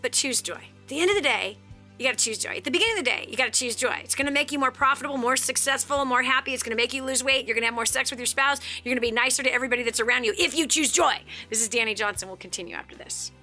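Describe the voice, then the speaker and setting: A middle-aged woman hosting a motivational talk show, chatty and animated, laughing often as she talks. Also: high-pitched, racing, faint music behind. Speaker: radio show host.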